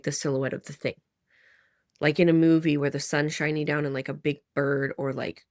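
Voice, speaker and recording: A woman's voice: deep voice, dry recording, studio quality. A woman in her thirties telling a personal story to camera in a chatty way, full of "like", restarts and sighs. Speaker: vlogger.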